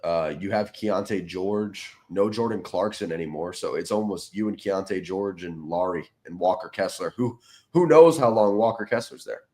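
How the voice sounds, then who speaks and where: A man's voice: low voice, normal speed, darkish tone. A young man co-hosting a casual sports podcast, rambling with lots of "like" and false starts. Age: young adult. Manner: rambling, full of "like" and restarts. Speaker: podcast co-host.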